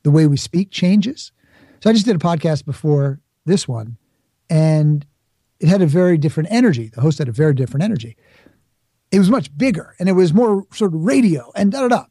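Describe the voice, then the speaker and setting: Mellow-voiced man from the Bronx. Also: on the high side, animated, brisk, husky, no echo, studio quality. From the Bronx, New York. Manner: reflective, explains with examples and acted-out asides. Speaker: podcast guest. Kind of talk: conversational interview.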